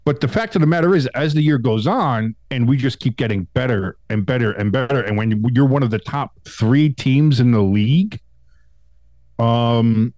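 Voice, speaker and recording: A man co-hosting a casual sports podcast, talking in a rambling, animated way with restarts and swearing, still getting over a cold. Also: mid-range voice, normal speed, no echo. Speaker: podcast co-host.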